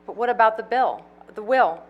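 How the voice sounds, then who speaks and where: A woman reading the part of a hesitant, troubled man in a play, doubtful and soft-spoken. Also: fairly high pitch, lively intonation, moderate pace, lo-fi sound, natural voice.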